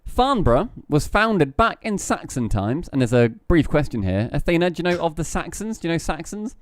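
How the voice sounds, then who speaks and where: A man hosting a podcast, relaxed and chuckling as he runs a quiz segment with a guest. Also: fairly high pitch, a little fast, no room sound. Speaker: podcast host.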